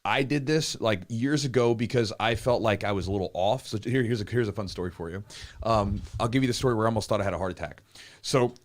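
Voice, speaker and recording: A man in his thirties, a podcast host, talks in a fairly low voice, casual and chatty. He tells stories with energy and acts out the quotes, and he swears now and then. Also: fast. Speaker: podcast host and jiu-jitsu coach. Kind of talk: casual live Q&A chat.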